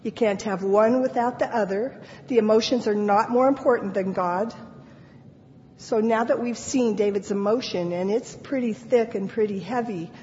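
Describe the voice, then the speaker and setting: A woman preaching a sermon, reading scripture with earnest feeling and leaving deliberate pauses. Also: medium pitch, dark tone, big-room sound, highs cut off, a little hiss or hum. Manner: slow, deliberate delivery.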